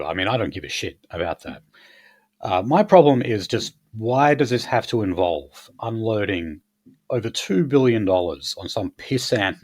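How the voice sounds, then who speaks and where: A man's voice: lowish voice, breathy edge. A man hosting a casual political chat, blunt and crude, rambling with many fillers. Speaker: podcast host.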